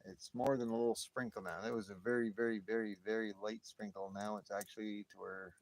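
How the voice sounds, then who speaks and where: Rambling, excitable man streaming outdoors. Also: on the low side, a little fast. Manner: rambling, exclamatory, easily excited. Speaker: livestream host. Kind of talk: casual live chat with viewers. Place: outdoors by a fire at night, light rain. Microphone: phone livestream.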